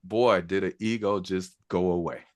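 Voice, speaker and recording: A man's voice: low-pitched, fairly even intonation, normal speed. A middle-aged man and military veteran telling a personal story in a casual, reflective way, quoting the people involved. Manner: casual, reflective, quotes others in conversation.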